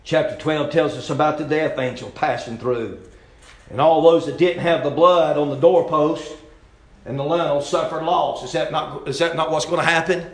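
Folksy preacher in an echoey church. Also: male voice, on the high side, fairly even intonation, normal speed. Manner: folksy, impassioned, swings between loud exhortation and hushed intensity. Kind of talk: sermon. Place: church sanctuary.

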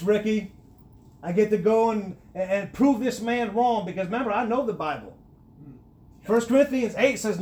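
A middle-aged man with a high voice tells his life story in an earnest, conversational way, restarting his sentences often. He grows animated when he stresses a point. A faint hiss sits under the recording. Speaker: guest sharing his testimony. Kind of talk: personal testimony, conversational.

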